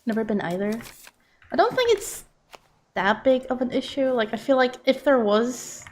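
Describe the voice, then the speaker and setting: A woman's voice: fairly high pitch, big pitch swings, moderate pace. A woman game streamer chatting casually as she plays, reading out and answering viewer messages. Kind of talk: casual live-stream chat while playing.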